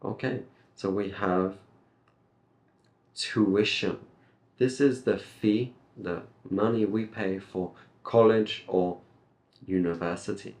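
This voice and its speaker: Slow, deliberate male pronunciation teacher. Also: on the low side, fairly even intonation, gravelly, darkish tone. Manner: reads a script aloud, then breaks words into sounds.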